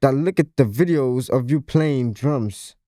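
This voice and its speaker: A man talks earnestly on a podcast, repeating his phrases to stress a point. His voice is warm and mellow, and the sound is close and dry. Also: medium pitch, a little slow, no room sound. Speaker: podcast co-host. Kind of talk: casual podcast chat.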